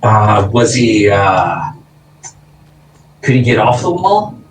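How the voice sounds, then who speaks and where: A man chats casually at a gaming table, often stumbling and restarting mid-sentence. He sits back from the mic, so his mid-pitched voice picks up a roomy echo over a faint hiss. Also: very animated, slow, recorded from a distance. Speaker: player. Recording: roomy sound from away from the mic.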